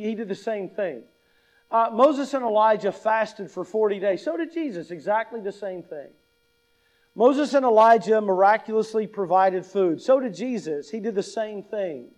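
A man with a high voice preaches a sermon. He is emphatic, repeats his key lines and puts questions to the congregation. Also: a little mellow, poor audio. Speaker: pastor.

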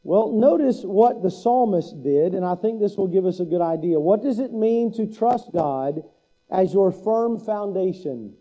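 A man's voice: high voice, lively intonation, a little slow, warm tone, poor audio. A man preaching a sermon as pastor, asking the listeners a string of rhetorical questions and building to urgent emphasis.

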